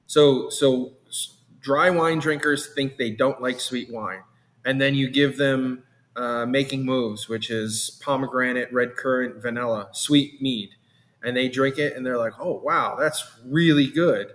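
A man talks casually in an interview about running his meadery. His voice sits at a middle pitch. He rambles, doubling words and starting sentences over as he goes. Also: fairly even intonation, measured pace, fairly bright tone. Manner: rambling, repeats words and restarts often. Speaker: meadery owner.

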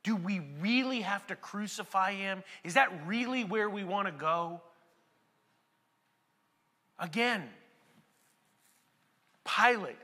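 Male pastor, very high bright voice, sermon with dramatic hush-to-shout swings, long hall reverb. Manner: preaching with dramatic swings between hushed and shouted passages.

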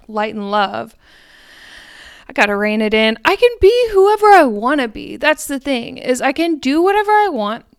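A young woman with a high, smooth voice talks slowly through a spiritual podcast monologue. She is frank and profane, and keeps questioning herself as she rambles. The sound is close and dry. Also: dry recording. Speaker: podcast host.

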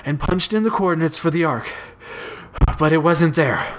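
A man's voice: a little high, lively intonation, unhurried, husky, pitched above the performer's own voice. A man voicing a panicked, breathless young man in a read-aloud story. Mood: alarmed.

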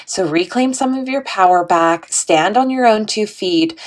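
A woman's voice: mid-range voice, expressive, a little slow. A woman talking casually and earnestly to her viewers as a spiritual vlogger, chatty and encouraging, full of "like" and "um". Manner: encouraging, self-deprecating. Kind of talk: casual heartfelt talk to viewers.

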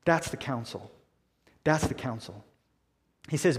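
A man preaching a sermon in a deliberate, emphatic way, slowing down to stress key words. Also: medium pitch.

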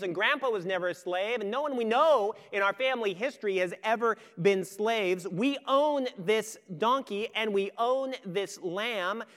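A man's voice: high-pitched, fairly bright tone, in a large hall. A man preaching acts out an exasperated eldest son who whines and questions his father in disbelief. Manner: whiny, incredulous, pleading.

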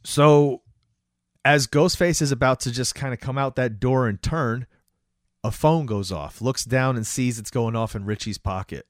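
A man co-hosting a casual talk show, retelling a film scene by scene with lots of fillers and quick acted-out lines. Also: mid-range voice, no room sound, clean studio sound. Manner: animated retelling, acts out lines, many fillers. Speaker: podcast co-host recapping a movie. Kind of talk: casual chat.

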